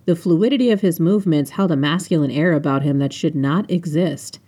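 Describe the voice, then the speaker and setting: A woman with a slightly low voice reads her own first-person novel aloud, unedited. Her narration is casual, with offhand asides between passages. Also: a little fast, warm tone, husky. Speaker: author and audiobook narrator.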